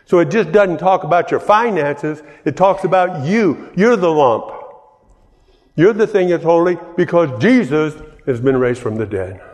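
Slow-speaking pastor in a reverberant hall. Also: male voice, fairly high pitch, animated, a little mellow. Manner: conversational, repeats and restarts phrases. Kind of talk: sermon.

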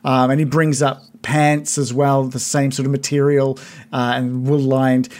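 A man narrating a tabletop game as game master, pausing often with ums as he describes the scene. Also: mid-range voice, little pitch movement, a little mellow. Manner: halting, many ums, unhurried description.

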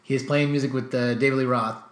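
A man's voice: medium pitch, steady tone, quick pace, roomy sound. A man co-hosting a casual music podcast, rambling and joking. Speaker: podcast co-host.

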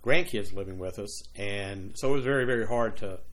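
A man's voice: fairly low pitch, a little fast, a little hiss or hum. Chatty older man with a Cajun accent. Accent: Louisiana Cajun. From Louisiana. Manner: rambling, many restarts, playful put-on voices. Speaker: author guest. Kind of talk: casual interview chat.

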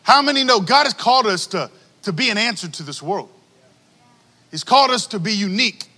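A man preaching a sermon to a congregation, animated and calling out for responses from the crowd. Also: sits high, brisk, in a large hall. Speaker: pastor.

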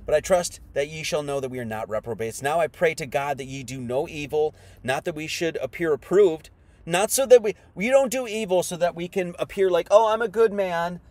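Guy preaching, kinda high voice, reads the old scripture then goes slangy, dry sound. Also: fairly quick, dry recording. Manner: swings between hushed reading and loud emphatic preaching. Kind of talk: sermon.

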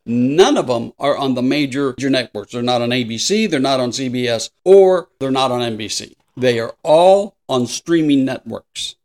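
Lively older man laughing through a podcast. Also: mid-range voice, moderate pace, few pauses. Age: 60s. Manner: laughs often, acts out voices in anecdotes. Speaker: podcast co-host. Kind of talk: casual podcast chat.

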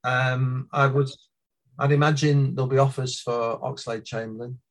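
A man calmly weighing up transfer rumours in casual chat. He speaks at a middling pitch, in a considered manner with frequent pauses. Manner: measured, thoughtful, lots of "um". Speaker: football podcast guest, Liverpool fan.

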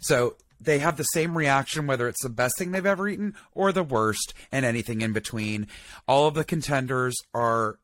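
A man co-hosting a podcast, telling stories in an animated, chatty way. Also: mid-range voice, moderate pace, no echo. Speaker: podcast co-host. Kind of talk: casual chat.

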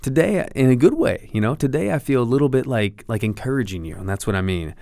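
A man's voice: mid-range voice, expressive, quick pace, gravelly, mellow, no room sound. A middle-aged man hosting a podcast, talking earnestly in a slightly preachy, encouraging monologue close to the mic. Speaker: podcast host.

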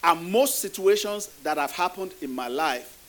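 A man's voice: on the high side, expressive, moderate pace, a bit bright. A middle-aged male pastor delivering a sermon, repeating key phrases for emphasis and putting rhetorical questions to his congregation.

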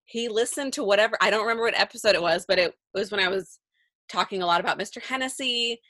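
A woman's voice: medium pitch, fast, pushed and bright, no room sound, studio quality. A woman co-hosting a podcast, chatting casually, rambling through stories and laughing often. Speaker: podcast co-host. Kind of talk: casual chat.

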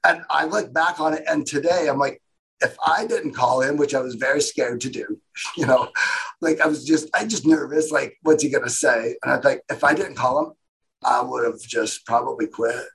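A man speaks as an interview guest, his voice husky and a little breathy. He rambles through his story with animation and slips into the voices of the people in it. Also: mid-range voice, normal speed, a bit bright, low-quality recording.

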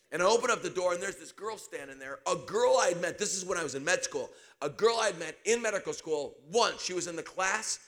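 Raspy, bright-voiced animated male preacher. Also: high-pitched. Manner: animated storytelling with sudden shouts. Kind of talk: sermon.

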